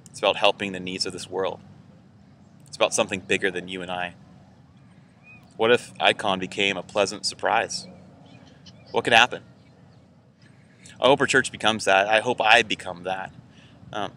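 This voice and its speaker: A man delivers a relaxed sermon to his church in a low, bright and somewhat tense voice. He talks casually and conversationally, filling gaps with loose fillers. A faint ambient hiss sits behind him. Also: moderate pace, long pauses. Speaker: church pastor. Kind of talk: informal weekend sermon message.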